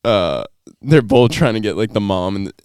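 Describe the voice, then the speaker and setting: A man's voice: on the low side, very animated, normal speed, a little mellow, clear, resonant tone, dry recording, clean studio sound. A young man co-hosting a podcast in casual chat, laid-back, swearing casually and agreeing often. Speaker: podcast co-host.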